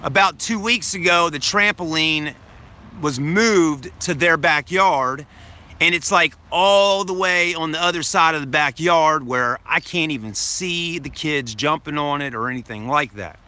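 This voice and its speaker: A man's voice: on the high side, a little slow, bright, forceful tone. A man telling a story to his live stream viewers in a casual, rambling way, repeating himself, swearing now and then, and addressing them as folks.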